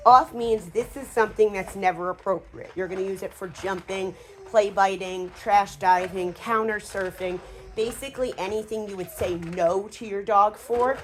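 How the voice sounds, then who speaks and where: A woman dog trainer talking casually through a hands-on training demonstration, with fillers and quick asides to the dog. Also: medium pitch, a little hiss or hum.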